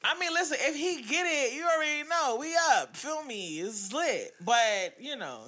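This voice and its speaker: Bright-voiced woman co-hosting a loose chat. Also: sits high, lively intonation, normal speed, few pauses. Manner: loose, swearing, laughing often. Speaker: podcast co-host. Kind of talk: casual chat.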